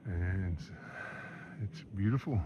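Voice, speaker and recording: A man's voice: low voice, slow pace, mellow, dull audio, slight background noise. A man from the American South, narrating a casual hiking vlog outdoors as he walks, rambling and chuckling to himself. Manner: rambling, chuckling, talks to himself while walking. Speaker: thru-hiker vlogger. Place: outdoors on a mountain hiking trail.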